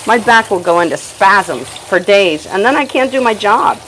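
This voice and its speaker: A woman's voice: medium pitch, animated, normal speed, fairly bright tone, a little hiss or hum. A woman who works as a professional dog groomer, giving a chatty grooming demonstration indoors in her shop and talking both to the dog and to viewers.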